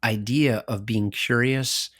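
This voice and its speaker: A middle-aged man co-hosting a podcast, telling stories in an animated way and laughing often. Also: mid-range voice, slow pace, slightly rough, dry recording, studio quality. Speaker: podcast co-host. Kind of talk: conversational podcast discussion.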